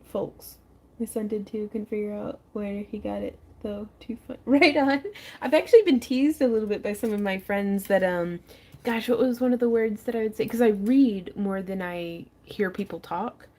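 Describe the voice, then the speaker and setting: A woman with a medium-pitched, slightly mellow voice talks at normal speed as she hosts a casual craft livestream from her front porch. Chatty and frequently laughing, she works while talking and greets viewers by reading their comments aloud, her voice close on the mic.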